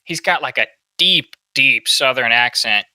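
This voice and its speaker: A man's voice: medium pitch, a little slow, pushed and bright, no room sound, low-quality recording. A man hosting a podcast, giving opinionated political commentary and asking "right?" often. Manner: opinionated, peppers talk with "right?". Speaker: podcast host.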